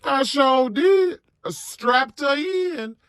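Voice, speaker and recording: A woman's voice: high-pitched, animated, extremely slow, soft background music, pitched above the performer's own voice, full character voice. A woman voicing her young woman friend, a babysitter who speaks in a casual, offhand drawl. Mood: nonchalant.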